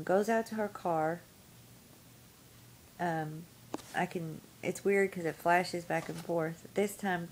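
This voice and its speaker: A woman with a somewhat low voice recounts a story in a loose, rambling vlog manner, full of ums and you-knows. A faint hiss and low rumble sit under the recording. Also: a little mellow, low-quality recording. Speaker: vlogger. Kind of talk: casual storytelling to camera.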